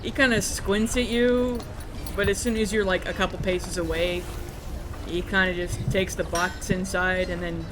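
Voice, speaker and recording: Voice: medium pitch, steady tone, moderate pace, noisy background. Loose, rambling tabletop game master. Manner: loose, filler-heavy narration.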